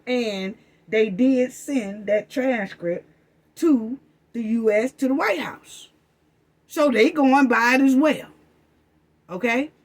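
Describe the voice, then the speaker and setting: A woman hosting a commentary channel, talking straight to her audience as family, heated and repetitive. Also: a little high. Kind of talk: casual commentary monologue.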